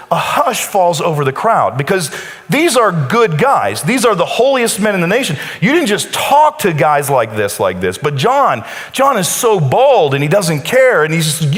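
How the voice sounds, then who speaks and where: A pastor preaching a sermon, telling a story with dramatic pauses and acting out quoted lines. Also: male voice, sits high, a bit bright. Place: church sanctuary. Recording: church hall with long reverb.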